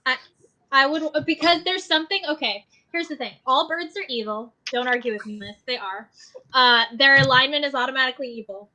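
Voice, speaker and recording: High, bright-voiced woman player. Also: a little fast, rough recording. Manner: emphatic, opinionated, playful. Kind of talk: casual chat during a tabletop game.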